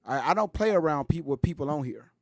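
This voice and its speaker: A man with hosts a livestream. He presses commenters with repeated questions, his voice sitting a bit high for a man, close and dry with no room sound. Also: animated, fast talker, no echo. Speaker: livestream host. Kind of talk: livestream talk.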